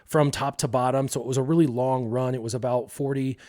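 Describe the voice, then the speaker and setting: A man hosts a livestream and tells a story to his chat in a casual, animated way. He acts out the people in the story and fills his talk with "um" and "like". His voice sits at an everyday pitch for a man. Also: brisk. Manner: many fillers like "um" and "like". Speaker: streamer host.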